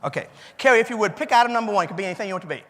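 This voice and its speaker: A man's voice: sits high, expressive, very fast, a bit bright. A man with a Cajun accent giving an interactive keynote speech in a folksy, chatty way, repeating the audience's answers back to them. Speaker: keynote speaker. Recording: hall reverb.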